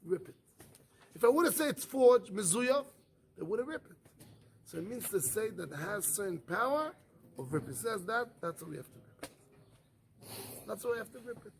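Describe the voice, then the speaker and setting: A man's voice: high voice, normal speed, vocal fry, long pauses. A man, a rabbi, giving a Talmud study class in non-native English, asking rhetorical questions and answering them himself. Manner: animated, acts out the arguments in first person.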